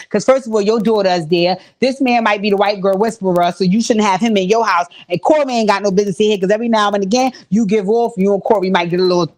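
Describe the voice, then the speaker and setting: A woman breaks down a TV episode in a loose, profane, animated style, hopping from plot point to plot point. She talks straight to her viewers, asking them to weigh in, and throws in her own blunt opinions as she goes. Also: medium pitch, fast talker, hardly any pauses. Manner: profane, animated storytelling, acts out quotes; talks to the chat directly. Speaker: host. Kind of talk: casual TV episode recap.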